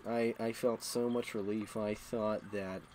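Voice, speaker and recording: A man with a fairly low voice tells crude, self-mocking stories while streaming a game. He rambles along casually in a loose storytelling way, with a faint hiss under the voice. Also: steady tone, a little slow, darkish tone, rough recording.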